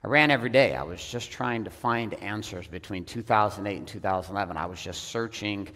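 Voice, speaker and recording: A man with a fairly low voice tells a personal story to a seminar audience, blunt and profane, often pausing on ums. His voice carries a long echo in a large hall. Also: a bit bright. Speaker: seminar speaker. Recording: echoey hall.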